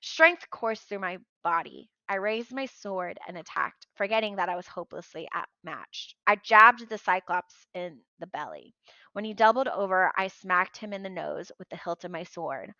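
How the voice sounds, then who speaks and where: A woman reading a novel aloud with a bright, clear tone and lively storytelling. The recording is dry and close, with a slightly dull, muffled top end. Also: on the low side, moderate pace, dry recording. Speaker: audiobook reader.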